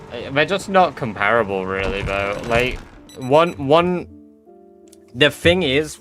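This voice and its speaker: A man's voice: medium pitch, a bit bright. A British man on a live game stream, rambling and thinking aloud in casual chat, swearing now and then.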